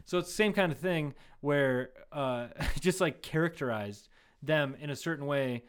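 A male podcast co-host telling rambling stories in casual chat. His voice sits a little high, he swears freely and laughs often. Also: measured pace, clean tone.

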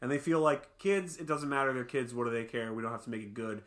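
Podcast co-host, casual movie-review chat, profane ranting, animated, bright tone. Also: medium pitch, quick pace.

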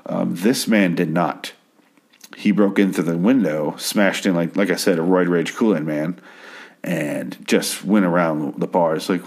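Very low-voiced man, profane rambling recap. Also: a little slow, creaky, darkish tone. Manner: profane, chatty, acts out characters' lines. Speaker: TV episode recap host.

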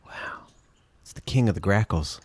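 Low-voiced man joking through reactions. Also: expressive, moderate pace, a little mellow, in a whisper. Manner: joking, exclaiming, swearing. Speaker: reaction commentator. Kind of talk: casual reaction commentary.

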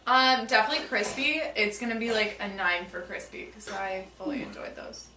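A woman's voice: mid-range voice, a little fast. Easygoing young woman, lots of "like". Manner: easygoing, hedges with "like" and "um". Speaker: guest. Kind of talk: casual chat over food and drinks. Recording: echoey room, mic at a distance, background noise.

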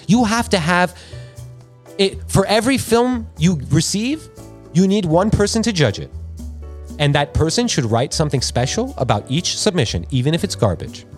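Podcast guy ranting, all worked up and swearing, voice jumping all over, bit high. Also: moderate pace, soft background music. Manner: animated, irritated, profane ranting. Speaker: podcast host. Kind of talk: casual podcast rant. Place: podcast studio.

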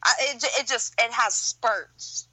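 Podcast guest: Louisiana woman, twangy and a bit tipsy, slightly high-pitched and unhurried. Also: sharp tone, breathy edge, no echo, rough recording. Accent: Louisiana Southern. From Pineville, Louisiana, US. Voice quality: light twang. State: a few drinks in. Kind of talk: casual podcast chat.

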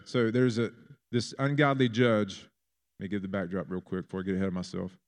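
A man preaching a sermon in a fervent manner, building to loud, emphatic peaks. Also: lowish voice, level tone, fairly quick.

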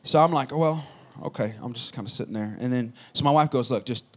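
A man giving a sermon, telling a personal story in a casual, animated way that drops low at the quiet moments. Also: quick pace. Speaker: pastor.

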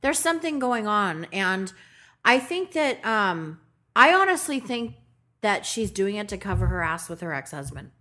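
A woman co-hosting a podcast in casual chat, blunt and lively, swearing freely. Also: medium pitch, moderate pace. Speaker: podcast co-host.

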